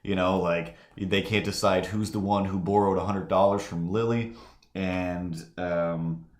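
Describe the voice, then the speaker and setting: A man's voice: low-pitched, fairly even intonation, unhurried, echoey room. A man telling a long anecdote during a live drawing stream, rambling with many "like"s and restarts and acting out the people in his story. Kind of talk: casual anecdote.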